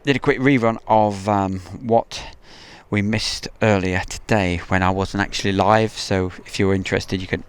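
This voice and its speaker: A man's voice: lowish voice, steady tone, moderate pace, clear, resonant tone. A man hosting a casual outdoor live stream, rambling chattily and reading viewer messages aloud. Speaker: livestream host. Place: outdoors at an airfield.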